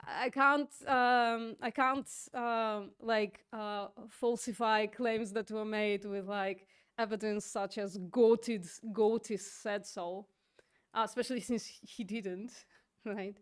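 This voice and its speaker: A woman's voice: mid-range voice, fairly even intonation, slow, smooth. A young woman streaming live, ranting and mocking an opponent with laughter and swearing. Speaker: streamer doing online outreach. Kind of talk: live-stream debate rant.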